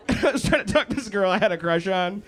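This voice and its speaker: A man's voice: sits high, animated, brisk. A man born in India doing a self-mocking stand-up set on a club stage, chatting with the crowd. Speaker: stand-up comedian. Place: comedy club stage with a laughing audience. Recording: loud crowd laughter behind.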